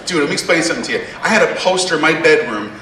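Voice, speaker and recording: Speaking very fast with lively intonation, a male stand-up comedian with a fairly high, sharp voice brashly teases the crowd with asides. It's recorded from far off in an echoey theater before a live audience, with laughter audible.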